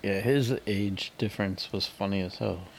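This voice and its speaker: Man, low gravelly voice, podcast co-host, laid-back halting chat. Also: fairly even intonation. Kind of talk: casual chat.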